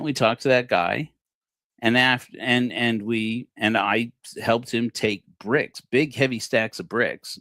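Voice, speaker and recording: Guy in his 40s hosting a livestream, low-ish voice, dry close mic, acts out the dialogue. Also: a bit bright, no echo. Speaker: livestream host. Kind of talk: personal storytelling.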